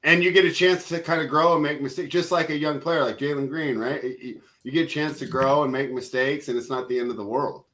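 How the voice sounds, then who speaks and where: A man hosts a relaxed sports betting panel with a bright, forward tone. He teases his co-hosts and breaks into loud laughter. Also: a little high. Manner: laughs loudly, teasing, quick back-and-forth. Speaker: host. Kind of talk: casual sports betting chat.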